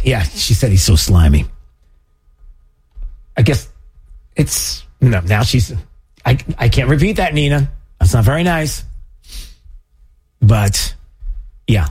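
A man's voice: fairly high pitch, lively intonation, slow, long pauses, darkish tone, slightly rough. A male talk radio host giving exasperated commentary with stammering restarts.

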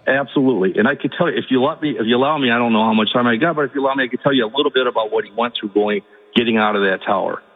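A male caller telling an emotional story on a talk radio show, halting and repeating words, rising to pleading. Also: mid-range voice, husky. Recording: tinny phone line with long reverb.

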